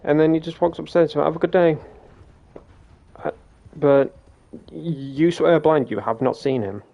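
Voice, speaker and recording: A man's voice: fairly high pitch, normal speed, vocal fry, muffled recording. British man telling a rambling story. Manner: rambling and animated, swears, frequent restarts. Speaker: game streamer. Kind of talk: casual storytelling.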